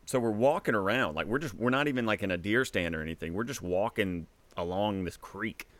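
A man's voice: on the low side, a little fast, no room sound. A man from Mississippi, hosting a casual chat and telling stories with lots of laughter and acted-out quotes. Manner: animated storyteller, laughs often, acts out quotes.

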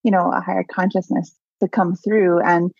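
A woman interview guest, a coach, telling personal stories in a lively, chatty way with lots of "like" and laughter. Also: fairly low pitch, normal speed, gravelly, slightly rough, no room sound, highs cut off. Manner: animated storyteller, many "like"s and laughs. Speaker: guest, abundance mindset coach. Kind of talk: casual storytelling interview.

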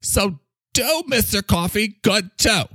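A man's voice: sits high, animated, bright, forceful tone, dry recording, full character voice. A man voicing a pompous, bossy male playhouse leader in an improvised comedy bit, stretching his words out grandly. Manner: drawn-out, bossy, grandiose delivery.

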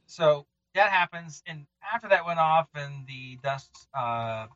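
A man narrating as game master for a tabletop game, relaxed and halting, with lots of fillers. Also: fairly high pitch. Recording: muffled lo-fi recording.

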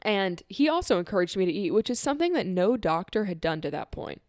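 A woman in casual conversation, telling a personal story in an earnest, animated way, laughing often and acting out quotes. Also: mid-range voice, brisk, dry recording, studio quality.

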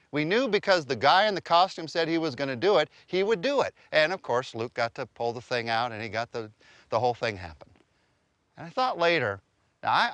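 A middle-aged man preaching a sermon with earnest, emphatic delivery and rhetorical questions. His voice sits in a middle pitch, recorded close and dry with no room sound. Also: a bit bright, dry recording. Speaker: pastor.

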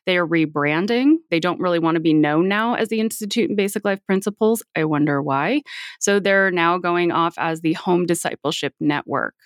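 A woman's voice: on the low side, moderate pace, no room sound, studio quality. A woman speaking as a podcast guest in a casual interview, earnest and at times dryly sarcastic.

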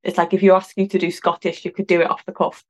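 A woman's voice: fairly low pitch, flat delivery, quick pace, darkish tone, lo-fi sound. A woman from North Wales with a North Wales accent, a podcast guest chatting casually and laughing often. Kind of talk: casual chat.

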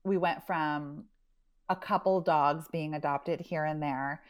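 A woman who runs a dog rescue, telling a story in a lively, chatty way and acting out the quotes. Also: low-pitched, slow. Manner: animated, chatty, lots of "like" and acted-out quotes. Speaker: dog rescue owner and pet matchmaker. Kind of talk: storytelling in an interview.

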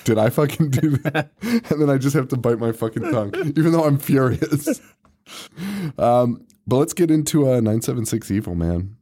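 A man's voice: medium pitch, lively intonation, moderate pace, warm tone. Chill young guy on a podcast, swears constantly, keeps laughing, darkish voice. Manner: laid-back, swears a lot, laughs often. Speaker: podcast co-host. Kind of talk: casual chat.

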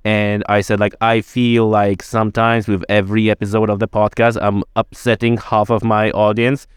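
Chatty male podcast host, smooth and dry. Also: lowish voice, flat delivery, moderate pace, no room sound. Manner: chatty, with many likes and run-on asides. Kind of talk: conversational interview.

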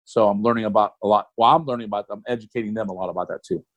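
A man's voice: lowish voice, steady tone, very fast, lo-fi sound. A man in his forties, a guest on an interview show, talking in a rambling, friendly, folksy way. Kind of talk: casual interview talk.

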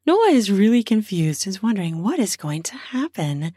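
A woman's voice: medium pitch, sing-song, normal speed, dark tone, husky, dry recording, clean studio sound. A woman improvising an erotic story off the cuff, narrating in a spontaneous, conversational way.

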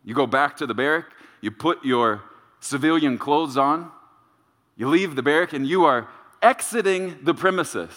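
A male pastor delivering a sermon, emphatic and repetitive, with dramatic pauses. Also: on the high side, a bit bright. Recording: reverberant church sanctuary.

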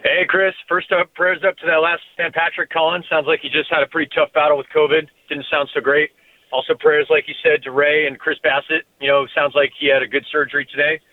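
A man's voice: a little high, flat delivery, fairly quick. Laid-back male caller on a phone line. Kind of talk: call-in radio.

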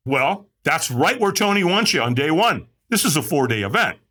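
This man speaks in a sing-song, sharp, slightly rough voice at a moderate clip, recounting his story on a podcast. Quoted lines get a dramatic performance with big leaps in pitch, all in animated storytelling.

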